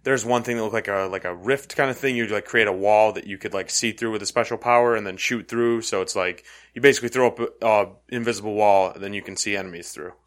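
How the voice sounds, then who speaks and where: A man co-hosting a casual gaming podcast, relaxed and a bit hesitant, with frequent filler sounds. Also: fairly low pitch, fast talker. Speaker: podcast co-host. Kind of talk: casual gaming news chat.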